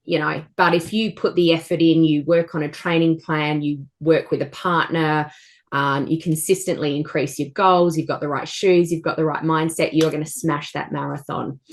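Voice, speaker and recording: A woman's voice: deep voice, steady tone, moderate pace. A woman coach in a casual chat, enthusiastic and encouraging, giving everyday examples. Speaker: co-host and coach.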